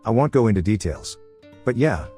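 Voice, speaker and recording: A man reading an online story aloud in a casual first-person way, over soft guitar music. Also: fairly low pitch, animated, moderate pace. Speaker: story narrator. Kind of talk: reading a reddit post aloud.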